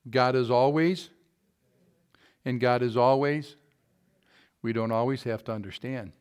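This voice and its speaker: A man's voice: mid-range voice, a little slow, darkish tone, smooth. A man preaching in a church, telling folksy jokes and reading scripture with rising force. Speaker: pastor. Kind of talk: sermon with jokes.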